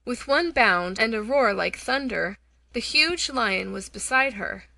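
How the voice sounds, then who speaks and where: A woman narrating a children's fantasy audiobook in a measured, expressive storytelling manner. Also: fairly high pitch, gravelly, dry recording.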